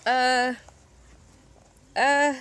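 A woman's voice: high-pitched, flat delivery, extremely slow, fairly bright tone, clear, resonant tone. A woman rambling in a moody, self-deprecating way in a casual vlog from her bedroom, half whispering at times, recorded on a phone. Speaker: vlogger. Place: bedroom at home.

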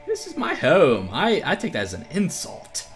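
A man's voice: a little high, wildly swooping pitch, moderate pace, music in the background. A man co-hosting a horror game playthrough, easygoing and laughing often at his partner's jokes. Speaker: co-host playing a horror game. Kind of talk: gaming commentary.

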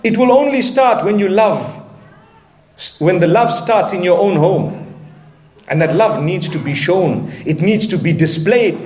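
A man's voice: sits high, lively intonation, a little slow, a little mellow, echoey room. A man delivering an earnest sermon with Arabic phrases and touches of light humor. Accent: Southern African English. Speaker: preacher.

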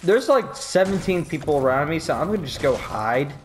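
A man's voice: fairly high pitch, very animated, a little fast, slight background noise. A drunk man rambling and laughing in casual chat while playing a video game. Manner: giggly, rambling, loud outbursts. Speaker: gamer.

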